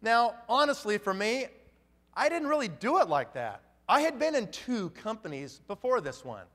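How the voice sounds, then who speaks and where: Bright-voiced man giving a punchy motivational talk. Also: high-pitched, sing-song, moderate pace, long reverb tail. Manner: punchy and emphatic, with rhetorical questions. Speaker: motivational speaker.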